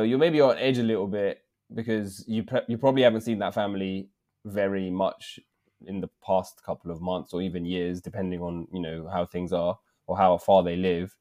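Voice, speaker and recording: A man with an English accent in his thirties, telling a story in casual podcast chat with lots of slang. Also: fairly low pitch. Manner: slangy, animated, drops in "bruv" often. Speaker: podcast co-host.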